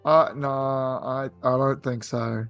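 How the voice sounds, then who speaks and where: A man playing a tabletop game, speaking in a relaxed, teasing way. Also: medium pitch, slow pace, vocal fry, faint music behind. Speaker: player. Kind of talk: casual tabletop play.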